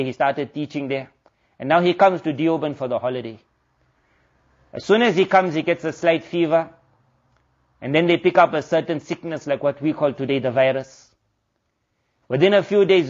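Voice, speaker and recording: A man's voice: a little high, dull audio. A man preaching a sermon, telling a story earnestly and mixing in Arabic and Urdu religious terms. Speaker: Islamic preacher.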